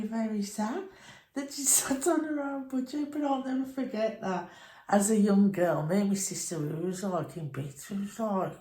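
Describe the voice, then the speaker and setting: A woman's voice: medium pitch, warm tone. A middle-aged woman chatting in a meandering, nostalgic storytelling way at home. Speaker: crochet vlogger. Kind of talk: rambling reminiscing chat. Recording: echoey room.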